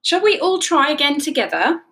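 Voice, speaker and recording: A woman's voice: sits high, big pitch swings, normal speed, fairly bright tone, voice pushed up, exaggerated voice. A woman voicing a stern but loving mother dinosaur in a children's story, speaking in a firm, motherly way. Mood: encouraging.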